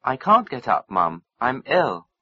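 A man's voice: medium pitch, huge pitch swings, measured pace, husky, dry recording, heavily acted. A man reading a sick boy who complains from his bed in a textbook dialogue. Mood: complaining. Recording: dull lo-fi recording.

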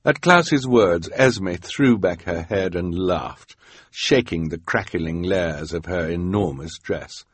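A man reads a storybook aloud with wry, expressive narration. His voice is low and husky, with lively swings in pitch. The recording is close and dry. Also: slow pace, dry recording. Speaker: audiobook narrator.

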